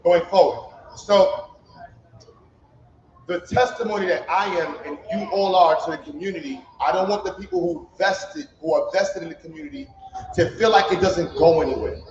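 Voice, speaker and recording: A founder delivers a commencement speech in an event hall, speaking informally and from the heart in loose, emphatic street slang. His voice is high and his pace normal, with a little hiss or hum. The livestream audio sounds roomy and slightly dull, with faint ambience.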